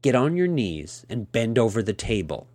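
A man's voice: mid-range voice, sing-song, moderate pace, a little mellow, dry recording, natural voice. A man voicing a cool, stern and commanding woman as he reads a story aloud, giving clipped orders.

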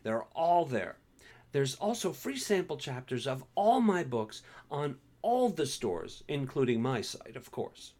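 A man reading his own story aloud, relaxed and wry. His voice sits at an average pitch and he talks in a chatty, easy way. He moves from friendly patter into steady narration. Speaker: self-published author reading his story. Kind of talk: casual intro, then story narration.

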